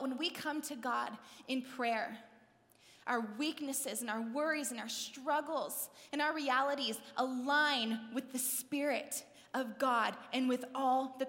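A woman preacher giving a sermon. She is animated and conversational, acting out little scenes and asking her listeners questions. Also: high voice, big-room sound. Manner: animated, acts out scenes in voices; conversational, asks the audience questions.

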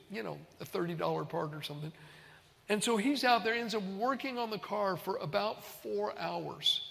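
A man's voice: high-pitched, vocal fry, a bit bright, in a large hall. A man preaching a sermon as a pastor, telling stories in an easygoing, conversational way in a large auditorium.

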